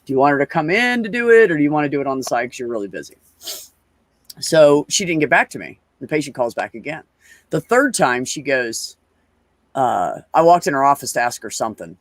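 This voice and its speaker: Man, casual co-host, lively pitch, salty animated storyteller, dry close sound. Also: no echo. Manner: animated storyteller, swears freely, acts out quotes. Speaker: podcast co-host; medical office worker. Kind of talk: casual chat.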